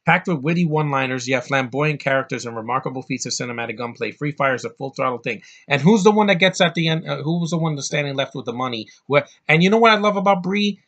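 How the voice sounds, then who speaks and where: A man's voice: mid-range voice, fast, hardly any pauses, fairly bright tone, dull audio. A man giving a casual, rambling movie review vlog, often profane and ranting.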